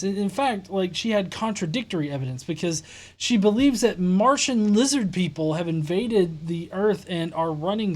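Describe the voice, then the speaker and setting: A man hosting a reaction commentary, sarcastic and exasperated, swearing often. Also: high voice. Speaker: host reacting to a video.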